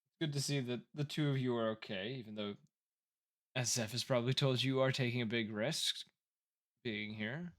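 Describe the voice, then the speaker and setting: A man voicing a cautious, diplomatic woman mayor in a tabletop role-play, speaking in measured, carefully chosen words. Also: medium pitch, close to an everyday voice.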